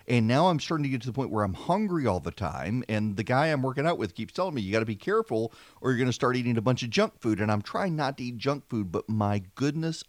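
This self-deprecating political talk radio host, a man in his forties, keeps things casual and chatty while seated at a studio microphone in his home studio. His voice is mid-range and the recording is dry.

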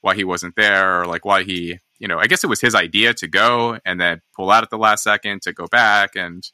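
Guy hosting a podcast, kinda low voice but really bright, dry close sound, thinks out loud. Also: fairly even intonation, brisk, smooth, no echo. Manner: thinking aloud, many restarts and fillers. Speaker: podcast host. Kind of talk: casual discussion.

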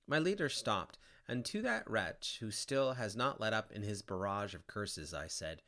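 A man reads epic verse aloud with a theatrical flair. His fairly low voice has a bright edge and rises and falls with a lot of drama. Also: unhurried, few pauses. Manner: expressive, theatrical. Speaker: reader. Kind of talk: dramatic poetry reading.

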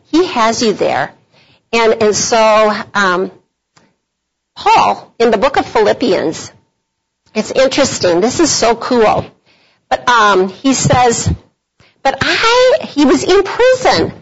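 A woman's voice: fairly high pitch, expressive, takes it slowly, pauses often, husky. A middle-aged woman speaking at a women's conference workshop, telling a personal story in a chatty devotional style with frequent laughs. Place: meeting room at a conference. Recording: dull lo-fi conference audio.

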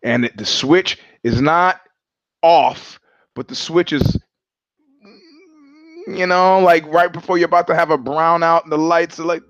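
A man hosting a podcast in a loose, rambling monologue, his voice sitting a little high for a man. He acts out the people in his stories and swears as he goes. The sound is dry and close, with a dull, slightly muffled tone. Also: measured pace, pauses often, no room sound. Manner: animated storyteller, acts out quoted voices; swears freely, restarts sentences. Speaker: podcast host. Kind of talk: casual monologue.

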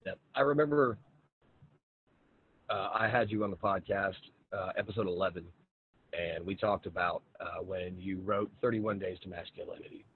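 A man hosting a podcast, asking questions in a relaxed, laid-back way with plenty of fillers. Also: deep voice, normal speed. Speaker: podcast host. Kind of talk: casual interview chat. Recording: tinny phone-like line, faint noise.

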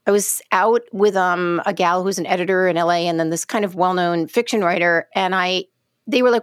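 Dry-miked woman telling an animated story. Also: lowish voice, fairly quick, dry recording. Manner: animated storyteller, trails off mid-sentence. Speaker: podcast co-host. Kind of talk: casual chat.

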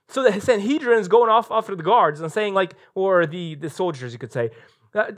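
A man with a high-pitched voice preaching a live church sermon. He tells the story with animated energy and slips into voices for the quoted lines. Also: a little fast. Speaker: pastor. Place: church sanctuary, recorded live.

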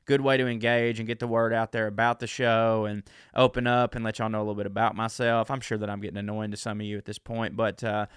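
A man's voice: on the low side, little pitch movement, fast talker, hardly any pauses, fairly bright tone, clear, resonant tone, dry recording, studio quality. A man, hosting his own podcast as a comedian and rambling in a self-mocking way with lots of fillers. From Southern US. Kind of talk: casual solo podcast chat.

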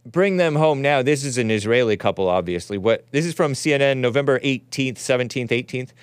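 Chuckling man with a lively, swinging pitch. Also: a little fast, clean tone, no room sound. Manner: wry, chuckling, rambling reaction to footage. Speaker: host. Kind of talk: casual live-stream commentary.

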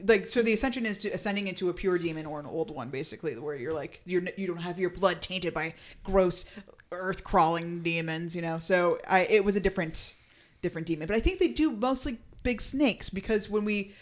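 A podcast co-host in casual chat, enthusiastic and laughing, full of quick asides. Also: medium pitch.

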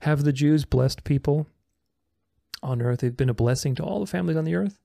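A man with a gravelly, mellow voice pitched a little high argues his points in casual commentary. His delivery is sarcastic and combative. The recording is dry and close. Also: brisk, no echo. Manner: sarcastic, argumentative, reads comments aloud and rebuts them. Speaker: religious commentator responding to comments.

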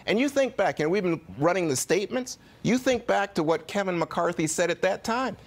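A man's voice: high-pitched, lively intonation, brisk. Emphatic man on a news panel. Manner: emphatic, pressing his point over interruptions. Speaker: cable news panel guest. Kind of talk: televised panel debate.

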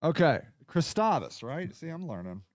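A man's voice: high voice, expressive, a little slow, clear, resonant tone, dry recording, studio quality. A man hosting a casual solo podcast, reading viewer comments aloud in a rambling, sarcastic way. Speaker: podcast host.

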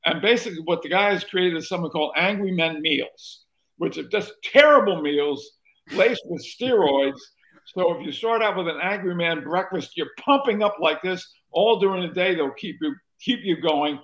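A man's voice: high-pitched, lively intonation, moderate pace, fairly bright tone, poor audio. An older man, a former talk show host from North Carolina, telling stories as an interview guest, wandering and restarting as he goes. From North Carolina, USA. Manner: rambling anecdotal storyteller, restarts often.

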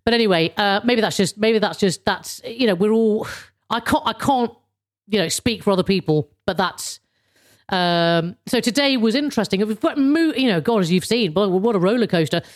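A woman's voice: mid-range voice, lively intonation, normal speed. A woman in her fifties hosting a casual solo podcast, chatty and rambling, with lots of restarts and swearing. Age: 50s. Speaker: podcast host.

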